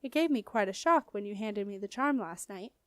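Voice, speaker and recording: A woman reading a storybook and voicing a stern but proud female wizard who speaks crisply and commandingly. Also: medium pitch, lively intonation, brisk, fairly bright tone, no room sound, clean studio sound, close to an everyday voice. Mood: probing.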